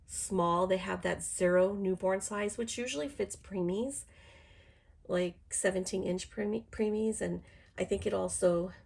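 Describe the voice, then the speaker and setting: A woman's voice: medium pitch, gravelly, darkish tone. A middle-aged woman with a cold, chatting on a live stream in a rambling way full of fillers and restarts, sounding congested. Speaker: doll collector streaming live. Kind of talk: casual live-stream chat.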